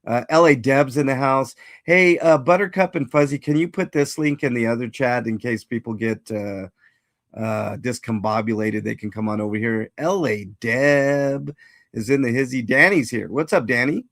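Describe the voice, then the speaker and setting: A man's voice: mid-range voice, moderate pace, fairly bright tone, no echo, studio quality. A man hosting a casual livestream, rambling and greeting chat viewers by name. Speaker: livestream host.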